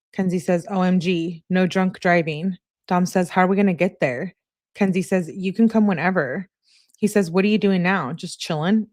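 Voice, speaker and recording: A woman with a lowish voice reads a thread of text messages aloud in a relaxed, conversational way. She stops now and then to correct herself or add a quick aside. The recording is close and dry, with no room sound. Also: no room sound. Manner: plain conversational reading with asides and self-corrections. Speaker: channel host reading text messages.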